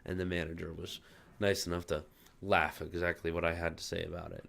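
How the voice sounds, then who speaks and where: A man's voice: sits low, little pitch movement, a little fast, creaky, fairly bright tone. A man telling a heated, profane story about a rude customer in a casual vlog, still angry about it. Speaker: gaming channel host.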